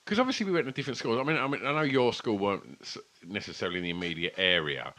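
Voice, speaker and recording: A deep-voiced man in his forties trades nostalgic stories on a casual podcast. His talk is rambling, sweary and full of restarts. The voice swings widely in pitch and has a bright, forceful tone. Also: lively intonation, racing. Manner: rambling, sweary, chatty storytelling. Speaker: podcast co-host. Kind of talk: casual chat over beers.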